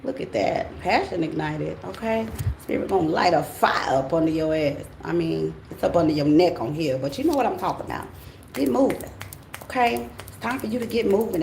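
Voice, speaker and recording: A woman talks her viewers through a tarot reading in a loose, casual way. She is blunt and profane but playful, and she checks in with her listeners as she goes. Her voice carries a roomy echo over a faint hiss in the background. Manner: acts out quoted voices in a much higher pitch. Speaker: tarot reader. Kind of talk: casual spiritual reading monologue.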